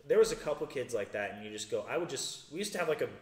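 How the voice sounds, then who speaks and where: A man's voice: mid-range voice, expressive, a little mellow, echoey room. A man who fights and coaches, chatting casually in a podcast with a dry, joking manner. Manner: quick, laid-back, dry joking. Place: gym.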